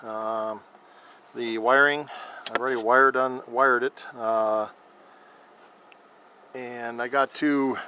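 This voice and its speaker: A man filming a casual how-to vlog about his scooter, rambling and halting with lots of fillers. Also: medium pitch, steady tone, sharp tone, smooth, poor audio. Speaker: vlogger showing a scooter horn install.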